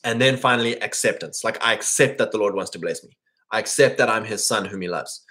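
A man's voice: on the low side, fairly quick, pushed and bright. Guy rambling in a casual monologue, lots of "like" and "right?", does mocking voices for other people. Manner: acts out quoted people in mock voices.

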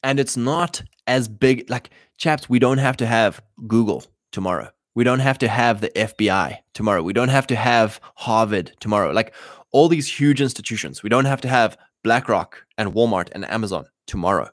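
A man's voice: on the low side, normal speed, dry recording. Blunt, exhorting man, dry close sound. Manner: blunt, exhorting, retells Bible stories in slang. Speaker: podcast host addressing men. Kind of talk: casual preaching talk.

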